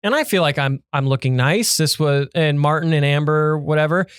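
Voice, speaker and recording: A young man co-hosting a podcast, chatting casually and telling animated stories with quick asides. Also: on the high side, clear, resonant tone, no room sound, studio quality. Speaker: podcast co-host. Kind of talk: casual chat. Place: podcast studio.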